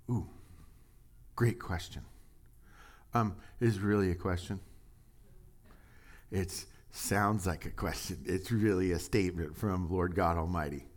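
A man preaching a relaxed, conversational sermon in a slightly low voice. He jokes, muses aloud and fires questions at the congregation. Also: unhurried, long pauses. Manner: chatty and jokey, asks the audience questions. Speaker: pastor. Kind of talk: casual sermon and Bible study.

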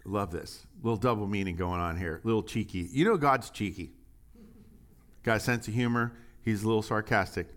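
A man's voice: fairly low pitch, normal speed, fairly bright tone. Chatty, jokey male preacher. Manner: chatty and jokey, asks the audience questions. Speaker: pastor. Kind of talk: casual sermon and Bible study.

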